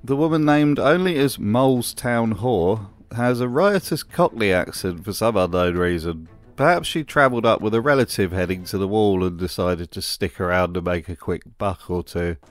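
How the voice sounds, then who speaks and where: A man's voice: lowish voice, normal speed, few pauses, soft background music. A man narrating a scripted commentary video with a dry, sardonic manner.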